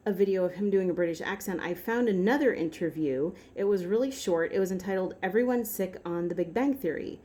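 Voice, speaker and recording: A woman vlogging in a casual, rambling way, correcting herself mid-sentence and jumping up in pitch when something excites her. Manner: rambling, self-correcting, with sudden upward pitch jumps. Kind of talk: casual chatty commentary to camera.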